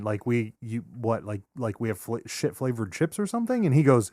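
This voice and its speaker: A man's voice: medium pitch, brisk, no echo, clean studio sound. A man co-hosting a podcast in casual chat, swearing often and telling stories with sudden incredulous outbursts. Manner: profane, animated storytelling with outbursts. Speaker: podcast co-host.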